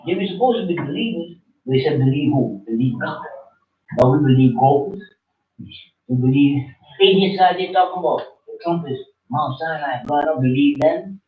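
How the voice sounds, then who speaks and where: A man delivering an informal sermon with a fairly high voice, slangy and animated, jumping from loud bursts to quiet asides. He sounds tinny and thin, as if picked up over a phone line, and set back from the mic in an echoey room. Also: normal speed, distant mic. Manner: animated preaching, swinging between loud and soft, slangy. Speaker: religious teacher.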